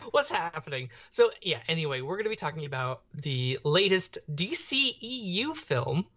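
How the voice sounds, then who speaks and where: A man's voice: on the high side, sing-song, moderate pace, pushed and bright. A young adult man co-hosting a casual podcast, joking and rambling, often tripping over his words. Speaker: podcast co-host. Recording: dull lo-fi audio.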